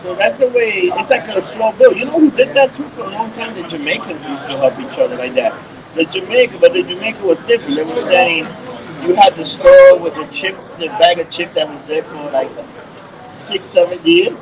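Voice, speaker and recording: A man's voice: sits high, brisk, a crowd in the background, poor audio. A man co-hosting a podcast, talking in a loose, rambling, profane and jokey way. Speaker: podcast co-host. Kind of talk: casual chat.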